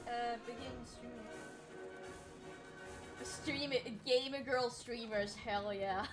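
A woman streaming a game live, excitable and giggly, swearing freely while chatting to viewers. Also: fairly high pitch, takes it slowly. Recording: game music playing behind.

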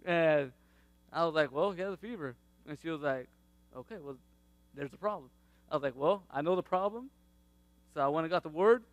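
A man, around his thirties, sharing a faith testimony about his family in a casual, animated way, laughing often and acting out what people said. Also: fairly high pitch, brisk, long pauses, no echo.

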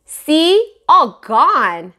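Fields: a woman voicing a shrill little toddler boy, stubborn and excitable. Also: drawn-out words, full character voice. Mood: excited. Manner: shrill, squealing demands.

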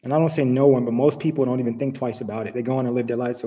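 A man's voice: mid-range voice, fairly even intonation, racing, dark tone. A man from the United States giving an informal, conversational sermon full of rhetorical questions. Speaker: preacher. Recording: long reverb.

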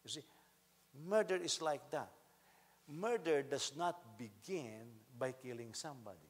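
A man preaching a sermon as pastor, animated, acting out quotes loudly and swinging from quiet to shouting. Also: mid-range voice, a little slow, husky. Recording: long reverb of a hall.

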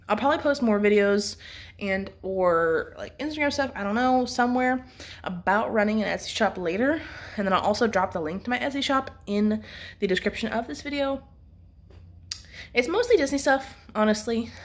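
Chatty young woman, slightly stuffy nose. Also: mid-range voice. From California. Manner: chatty, rambling, self-deprecating, laughs at herself. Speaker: vlogger. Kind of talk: casual vlog chat to camera. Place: at home.

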